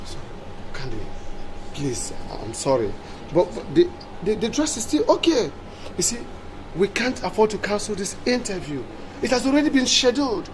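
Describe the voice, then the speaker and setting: A harried TV producer, played by an actress, pleading and stammering with a lively voice. Steady noise runs behind. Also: female voice, medium pitch, normal speed, natural voice. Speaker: TV producer character.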